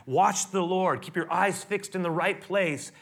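Bright, forceful male preacher. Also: sits high, measured pace, gravelly. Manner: dramatic, swinging between raised and hushed delivery. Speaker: pastor. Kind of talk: sermon.

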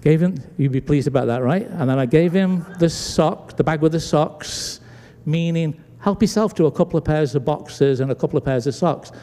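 Barely pausing, a British man preaches at normal speed in a voice on the high side. As a pastor and animated storyteller, he acts out the voices in his story within a church sanctuary, recorded with long church hall reverb.

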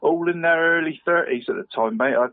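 A man's voice: fairly high pitch, fairly quick, dry recording. A man in his fifties chats about local football and throws "mate" into nearly every sentence. His talk rambles and restarts. The sound is dry and tinny, like a phone line. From Cornwall. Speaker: podcast co-host. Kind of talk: casual football chat.

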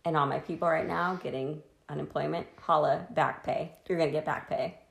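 Woman co-host, lowish gravelly voice, crude jokey storyteller, a bit tipsy, echoey room. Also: steady tone, brisk. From Washington state, US. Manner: crude, jokey, laughs often. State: tipsy from wine. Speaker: podcast co-host telling a history story. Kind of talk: casual chat.

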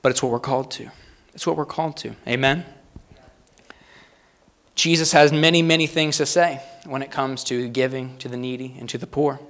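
A man preaching a sermon, reading quotes aloud with rising emphasis and pausing to talk plainly to the congregation. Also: medium pitch, fairly even intonation, a bit bright. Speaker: pastor.

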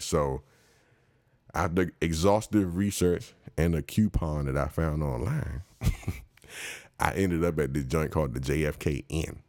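Deep gravelly man telling stories. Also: darkish tone, dry recording, studio quality. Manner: laughs often, slangy and rambling. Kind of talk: casual comic storytelling.

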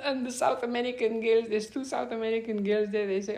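A woman's voice: a little high, quick pace, few pauses. A woman telling a personal story in an interview, acting out the dialogue and laughing often as she goes. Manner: animated, acts out quoted dialogue.

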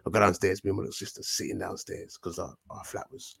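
Husky, low-voiced man, rambling. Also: level tone, quick pace, a bit bright, dry recording. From United Kingdom. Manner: rambling, profane, slangy, with many self-corrections. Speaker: podcast guest. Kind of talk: casual storytelling.

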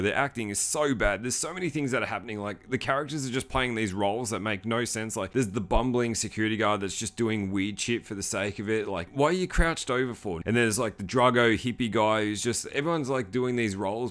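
A man's voice: medium pitch, a bit bright. A man riffs on a movie he can't stand, in casual podcast talk. His voice sits in an ordinary middle register, and his delivery is exasperated and sarcastic throughout. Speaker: podcast host reviewing a film. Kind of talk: casual movie reaction commentary.

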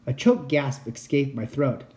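A man reading a children's book aloud as narrator, steady and expressive. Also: mid-range voice, measured pace. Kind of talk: storybook reading.

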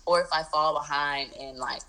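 Young woman, low pitch, bright forward tone, candid, filler-heavy, casual interview guest. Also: fairly even intonation, moderate pace, low-quality recording. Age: 20s. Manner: candid, laughing, trailing fillers. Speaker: student athlete guest.

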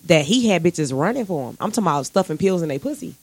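A woman telling stories in casual, profane chat, animated, with big jumps in pitch. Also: fast talker, dry recording.

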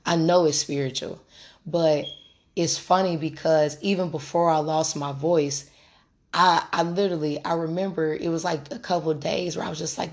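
A woman in her late twenties with a deep, hoarse voice, hosting a casual spiritual podcast, candid and profane as she speaks straight to listeners. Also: steady tone, normal speed. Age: late 20s. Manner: candid, profane, conversational, addresses listeners directly. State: hoarse, recovering from lost voice. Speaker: podcast host and tarot reader.

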